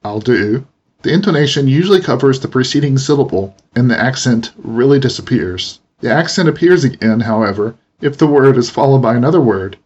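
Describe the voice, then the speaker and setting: Guy explaining a language lesson step by step, kinda husky, muffled lo-fi audio. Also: mid-range voice, a little fast. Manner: steady, explanatory delivery. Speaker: language teacher. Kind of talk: narrated pronunciation lesson. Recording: dull lo-fi voice recording.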